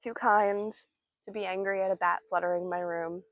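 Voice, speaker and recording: A woman's voice: mid-range voice, steady tone, moderate pace, no room sound, narrow, tinny audio. A young woman giving a casual tarot reading, chatty and playful, with many fillers and giggles. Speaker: tarot reader.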